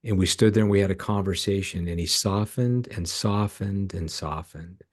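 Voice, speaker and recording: Deep low-voiced canadian guy, middle-aged, telling heartfelt stories on a podcast, acts out the dialogue. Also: normal speed. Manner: earnest, emotional storyteller acting out dialogue. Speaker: ministry founder, guest. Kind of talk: storytelling in a podcast interview.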